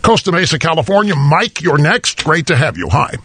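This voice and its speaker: A man's voice: a little high, sing-song, a little fast, fairly bright tone, husky. A man hosting a talk radio show, emphatic and conversational, rephrasing a caller's point back to him. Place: radio studio. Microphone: studio microphone.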